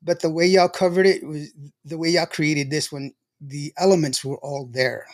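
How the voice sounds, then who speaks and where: A man's voice: fairly high pitch, fairly even intonation, normal speed. A man hosting a casual show, chatty and laughing often as he tells stories. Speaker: show host. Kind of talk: casual livestream chat.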